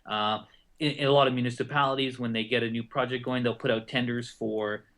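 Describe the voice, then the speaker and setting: A man's voice: mid-range voice, fairly even intonation, fairly quick, a bit bright. A man co-hosting a podcast, explaining ideas in a rambling, self-correcting way. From Canada. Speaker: podcast co-host. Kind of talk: casual podcast discussion.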